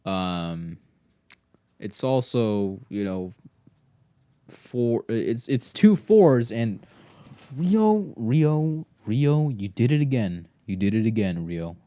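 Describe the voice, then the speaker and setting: A man's voice: lowish voice, expressive, slow, warm tone, dry recording. A young man hosting a solo podcast, rambling and swearing as he teases his dog, often dropping to a whisper. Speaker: podcast host.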